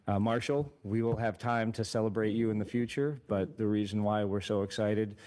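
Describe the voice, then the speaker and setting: A man with a fairly low voice gives remarks at a university board meeting. He talks in a halting way, full of fillers, and he teases with heavy sarcasm. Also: steady tone, darkish tone. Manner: joking, teasing, with many fillers. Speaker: university regent.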